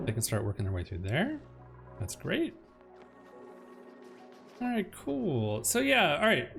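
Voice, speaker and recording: A man hosting a game let's play, chatting casually as he plans his base and reacts with loud alarm when things go wrong. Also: a little high, vocal fry. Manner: chatty, swings between calm planning and loud alarm. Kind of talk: casual gameplay commentary. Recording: music playing behind the voice.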